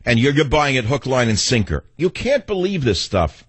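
Combative, husky-voiced male radio host. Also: medium pitch, sing-song, normal speed, no echo. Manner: combative, sardonic, rambling. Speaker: radio talk show host. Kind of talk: talk radio monologue and caller exchange.

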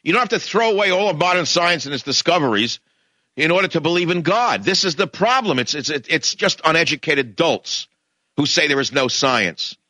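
A middle-aged man hosting a radio talk show, delivering a combative, sarcastic monologue that swings from mutters to loud, animated bursts. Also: on the high side, normal speed, dry recording.

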